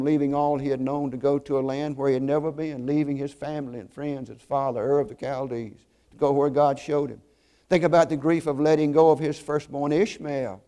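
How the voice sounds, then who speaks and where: A man preaching a sermon, telling stories earnestly and slowing down to stress key points. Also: mid-range voice, mellow. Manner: earnest storytelling, slows for emphasis.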